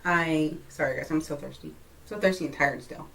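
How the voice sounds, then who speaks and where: A woman's voice: deep voice, normal speed, vocal fry, a bit bright. A young woman from Texas chatting casually in a pregnancy vlog, laughing often, full of fillers and a little short of breath. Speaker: vlogger. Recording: voice a bit far from the mic.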